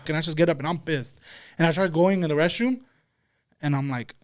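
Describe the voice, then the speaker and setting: Crude, self-mocking man, higher voice. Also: a little fast, long pauses. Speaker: podcast co-host. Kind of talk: casual storytelling chat.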